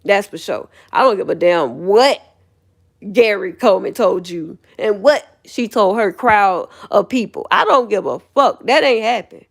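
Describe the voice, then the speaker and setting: A woman's voice: medium pitch, animated, measured pace. A woman livestreaming a heated, profane rant, laughing scornfully as she talks.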